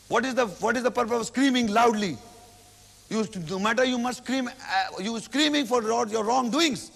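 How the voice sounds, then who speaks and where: High-voiced male lecturer in a reverberant hall. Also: creaky, a bit bright. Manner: repetitive, explains each verse slowly, recites Arabic then translates. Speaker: Islamic lecturer. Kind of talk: religious lecture.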